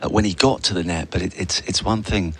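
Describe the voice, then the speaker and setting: A man's voice: low-pitched, brisk. A man with a headset giving tennis analysis, chatty and given to dry jokes. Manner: chatty, dry joking asides. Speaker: tennis co-commentator. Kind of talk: live sports commentary. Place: commentary box at a tennis stadium. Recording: noisy outdoor venue background.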